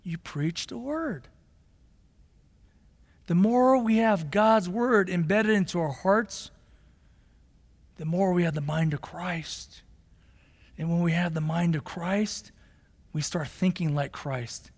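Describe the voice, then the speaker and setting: A male pastor delivering an impassioned sermon, swinging from forceful, emphatic passages to low, slow, quiet stretches. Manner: impassioned preaching, rising to shouts then dropping low and slow. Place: church sanctuary. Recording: long hall reverb of a sanctuary.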